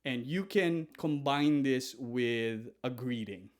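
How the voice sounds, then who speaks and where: A man teaching a language lesson in an animated way, demonstrating polite phrases softly and often. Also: medium pitch, slow. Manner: animated, demonstrating phrases with soft deferential repetition.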